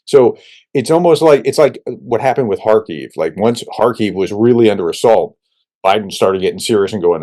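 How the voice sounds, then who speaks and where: A male host with a low, warm, mellow voice. He talks informally and with emphasis, and his questions run long. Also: animated, moderate pace. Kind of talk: conversational interview.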